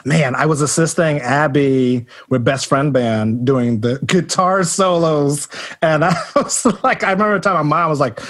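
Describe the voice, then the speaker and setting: Male, higher, husky voice, bouncy and animated storyteller. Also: moderate pace. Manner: lively, playful, voices his own past reactions. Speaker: puppeteer mentee. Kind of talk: casual anecdote.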